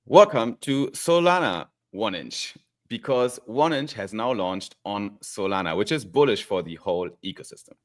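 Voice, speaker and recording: A man's voice: lowish voice, expressive, moderate pace. A man co-hosting a casual livestream, teasing and laid-back, calling his partner "bro.". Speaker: co-host.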